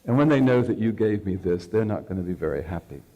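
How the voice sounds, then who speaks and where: A man's voice: lowish voice, animated, quick pace, muffled recording, pitched below the performer's own voice. A man voicing a frightened young servant girl in a story he is telling, pleading and worried.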